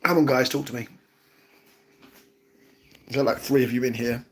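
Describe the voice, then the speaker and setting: A man's voice: mid-range voice, fairly even intonation, normal speed, fairly bright tone. A man in his forties with a British accent, chatting casually with viewers on a livestream, rambling and hesitant with many ums and restarts. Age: 40s. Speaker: vlogger.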